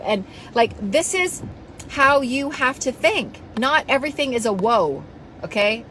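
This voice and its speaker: A woman's voice: fairly high pitch, very animated, unhurried, a bit bright, a little hiss or hum, poor audio. Passionate, blunt woman coach. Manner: passionate, blunt, scolding, swears casually. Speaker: self-help coach. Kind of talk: motivational talk to followers.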